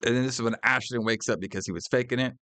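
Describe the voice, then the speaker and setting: A man co-hosting a podcast, casually recapping a horror movie scene by scene, profane and animated, acting out the characters' lines. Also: medium pitch, rapid-fire, creaky, dry recording. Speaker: podcast co-host.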